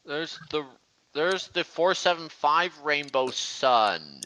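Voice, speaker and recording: Excitable, bright-voiced man hosting a stream. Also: a little high, a little hiss or hum. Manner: halting and excitable, with many restarts. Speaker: stream host. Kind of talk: casual live-stream chat. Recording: dull lo-fi stream audio.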